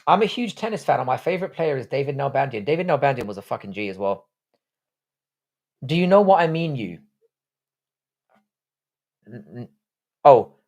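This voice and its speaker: A man's voice: mid-range voice, darkish tone. Sweary, rambling posh English man. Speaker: livestream host. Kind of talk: casual live-stream chat.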